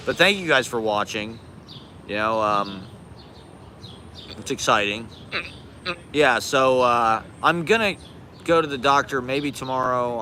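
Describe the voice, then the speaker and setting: Holding his phone on a city street, a forties-aged man live streams outdoors in a bright, forceful, mid-range voice, with a little hiss or hum on the recording. His casual rant rambles, full of profanity, sarcasm, and self-deprecation.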